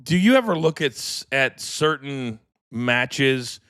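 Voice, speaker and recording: A middle-aged man co-hosting a podcast, chatting casually and telling lively anecdotes. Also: mid-range voice, slow pace, clear, resonant tone, dry recording, studio quality. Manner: animated, acts out voices in anecdotes. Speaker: podcast co-host. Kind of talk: casual storytelling chat.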